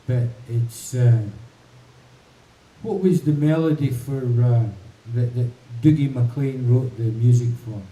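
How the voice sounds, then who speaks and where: Male musician host, mellow dark voice, rambling chat, mic set back in a roomy space. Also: mid-range voice, takes it slowly. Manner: rambling, chatty, thinks aloud. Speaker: musician hosting a livestream. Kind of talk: casual chat between songs. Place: home in the mountains. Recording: roomy, distant mic, faint hiss.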